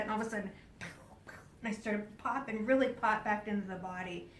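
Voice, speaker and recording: A woman's voice: mid-range voice, brisk, a little hiss or hum. Woman telling a story in an echoey hall. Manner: animated, acts out quoted voices, drops to hushed whispers; laughs often while talking. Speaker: speaker at a spiritual event. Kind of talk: personal storytelling to a live audience. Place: event hall. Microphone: distant camera mic. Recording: roomy, distant live event recording.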